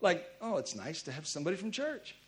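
Animated pastor with a high, lively voice. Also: male voice, quick pace. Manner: animated storytelling with sudden loud emphasis. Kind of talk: sermon.

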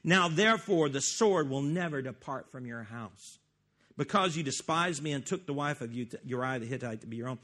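A man voicing the prophet Nathan as a grave storyteller who confronts a king, declaiming loudly in a raised voice. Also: medium pitch, animated, normal speed. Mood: stern. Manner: emphatic, rising, declaiming scripture.

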